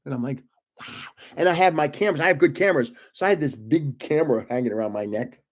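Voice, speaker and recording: A man's voice: a little high, rapid-fire. Older man, rambling anecdotes, chuckles, casual chat. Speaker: channel host. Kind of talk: casual storytelling.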